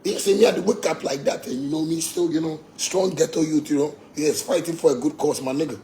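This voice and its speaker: A man's voice: on the high side, fast, vocal fry, mellow, a little hiss or hum. A man with a Ghanaian accent, a musician ranting boastfully and with swearing, slipping into Pidgin. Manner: boastful, profane, mixes Pidgin. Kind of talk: heated rant.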